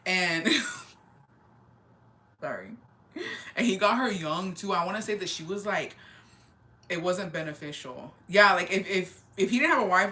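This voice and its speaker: A woman in her twenties chatting casually on a livestream, slangy and animated, dropping Spanish words into her storytelling. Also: lowish voice, moderate pace. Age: 20s. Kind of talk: casual chat.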